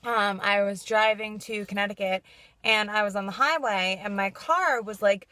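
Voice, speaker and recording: A woman's voice: medium pitch, moderate pace, sharp tone. Chatty New woman vlogger. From New York. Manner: chatty, frequent "like", laughs through frustration. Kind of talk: casual vlog chat.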